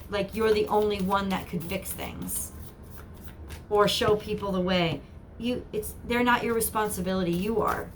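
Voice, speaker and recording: A woman's voice: mid-range voice, fairly bright tone, slight background noise. Earnest woman giving a tarot reading. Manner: earnest, repetitive, encouraging. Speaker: tarot reader.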